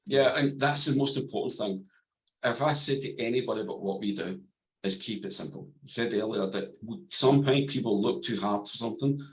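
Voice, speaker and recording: A man guesting on a podcast as an NLP coach, calm and plain-spoken, explaining ideas through simple stories. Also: fairly low pitch, a little fast, low-quality recording. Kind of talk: podcast interview, explaining and storytelling.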